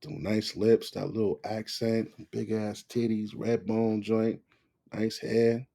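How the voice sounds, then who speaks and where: A man hosting a reaction video, giving loud, profane, mocking commentary. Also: fairly low pitch, little pitch movement, slow pace, vocal fry.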